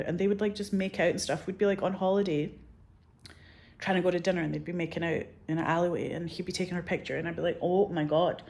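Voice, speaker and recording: A woman's voice: lowish voice, fairly even intonation, quick pace, darkish tone. A woman, a filmmaker talking candidly in a casual interview, swearing freely and leaning on "like" as she acts out quoted voices. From Scotland. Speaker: filmmaker guest.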